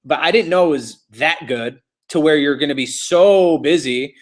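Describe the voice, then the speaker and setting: Halting, stammering woman friend, played by a man, voice pitched up. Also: natural voice. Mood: sarcastic. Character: hesitant woman, old high school friend.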